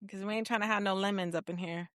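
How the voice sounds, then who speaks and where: Woman chatting on a podcast, smooth clear voice, dry mic, easygoing. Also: medium pitch, fairly even intonation, fast talker, fairly bright tone, dry recording. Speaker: podcast co-host. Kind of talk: casual chat.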